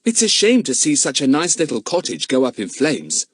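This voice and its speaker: A man reading an audiobook, voicing an eager schoolboy who exclaims excitedly. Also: fairly high pitch, normal speed, slightly rough, no room sound, studio quality, pitched above the performer's own voice, full character voice.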